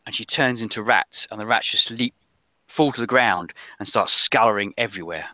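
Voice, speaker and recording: A man narrating as game master of a tabletop role-playing game, halting, with many fillers. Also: on the low side, pushed and bright, no echo.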